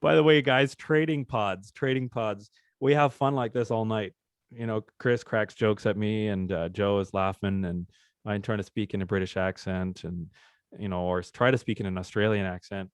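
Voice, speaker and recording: A man's voice: lowish voice, fairly even intonation, normal speed, clean tone, dry recording. A man hosting a live trading session, talking through charts in a chatty, upbeat way and joking with the group. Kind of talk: casual live trading demonstration.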